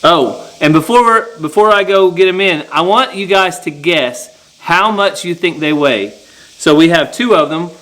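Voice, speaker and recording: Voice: mid-range voice, normal speed, a bit bright, poor audio. An adult farm vlogger chatting casually outdoors and teasing a child playfully. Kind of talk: casual farm vlog chat.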